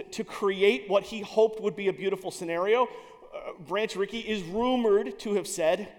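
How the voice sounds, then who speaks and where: A man telling a story in an animated, emphatic way, with some restarts. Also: high voice. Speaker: speaker. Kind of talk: storytelling speech. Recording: long hall reverb.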